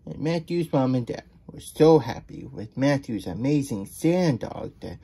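A children's story reader with a mellow, medium-pitched voice and a breathy edge reads a picture book for nap time, animated and a little slow. Between pages he drops in chatty remarks about himself, referring to himself in the third person.

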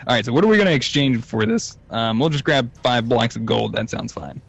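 A man's voice: medium pitch, sing-song, brisk, vocal fry, hardly any pauses. A man casually chatting while playing a game, laid-back, with frequent ums and laughs. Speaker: let's play co-player. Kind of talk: casual gaming banter. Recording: slightly dull lo-fi mic.

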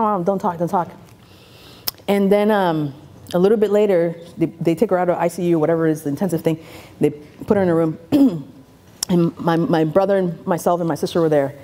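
Animated woman comedian on stage. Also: mid-range voice, a little hiss or hum. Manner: animated, laughs often, acts out family voices. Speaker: comedian and keynote speaker. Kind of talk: stand-up storytelling to a live audience. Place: event stage before a live audience.

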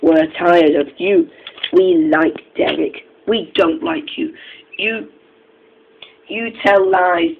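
A man's voice: sits high, takes it slowly, vocal fry, long pauses, phone-quality sound, exaggerated voice. A man voicing three indignant steam engines speaking together in a storybook reading. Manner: hissing, accusing.

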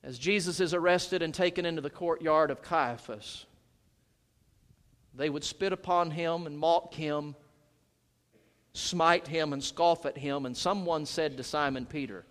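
A male senior pastor preaching a sermon during a worship service. He delivers it emphatically, swinging from loud shouts to hushed low lines. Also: a little slow. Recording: reverberant church sanctuary.

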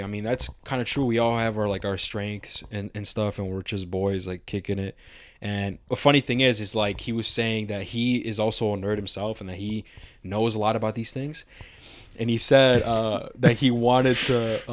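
ممثل شاب يقدّم بودكاست يتحدث بعفوية ويحكي القصص بأسلوب مسترسل، بلغة عامية مليئة بالشتائم. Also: male voice, fairly low pitch, normal speed, dry recording. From Mexican-American. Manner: loose, rambling storytelling with heavy slang and swearing. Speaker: podcast co-host. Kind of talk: casual podcast chat.

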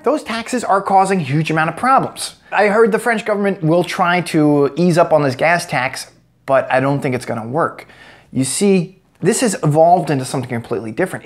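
A man's voice: a little high, lively intonation, normal speed. An American man giving a sarcastic, joke-filled commentary vlog as a political commentator. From United States. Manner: sarcastic, joking asides.

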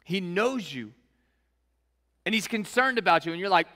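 Bright-voiced preacher in a reverberant hall. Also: male voice, high-pitched, animated, normal speed, long pauses. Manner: casual, conversational, acts out scenes in slang. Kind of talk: sermon.

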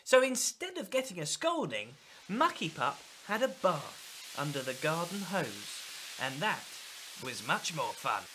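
A man hosting a children's show, reading a picture book aloud in a slow, playful sing-song with sound effects. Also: on the high side, big pitch swings, noisy background. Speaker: children's storyteller host.

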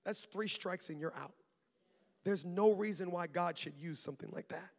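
A man preaching a sermon as pastor, lively and talkative, with asides to the congregation and laughter. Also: sits high, moderate pace, gravelly, big-room sound. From Maryland. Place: church auditorium.

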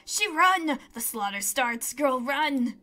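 A woman's voice: sits high, animated, slow pace, bright, forceful tone, faint music behind, exaggerated voice. A woman voicing a suspicious talking bird that squawks in broken, repeated phrases. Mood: frantic.

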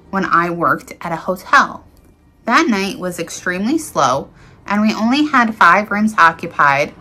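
A woman reads creepy encounter stories aloud with earnest, dramatic delivery. Her voice is bright and forward, sitting a little low. She stumbles now and then and restarts a word. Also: a little hiss or hum. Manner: earnest, dramatic reading with small slips. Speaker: storyteller reading encounters. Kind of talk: reading viewer stories aloud.

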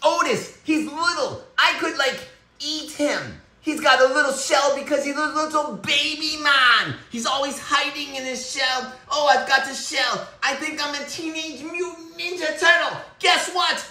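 A woman's voice: sits high, a little slow, reverberant, voice pushed up. A woman voicing a boastful, arrogant male pet reptile who brags and hurls insults. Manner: bragging, taunting, shouting insults.

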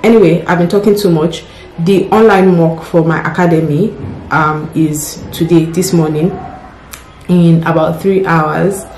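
A woman's voice: on the low side, steady tone, unhurried, darkish tone, roomy sound, soft background music. A young woman, a doctor, chatting casually to camera about an upcoming exam, nervous and repeating herself. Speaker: doctor vlogging exam prep. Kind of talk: casual vlog talk to camera.

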